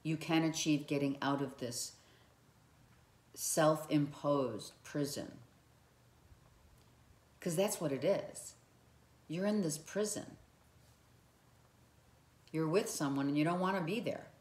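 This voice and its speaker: Slow, earnest woman in an echoey room. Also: low voice, a little mellow. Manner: earnest, repeats phrases, addresses viewer directly. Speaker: relationship advice vlogger. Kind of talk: motivational talk to camera.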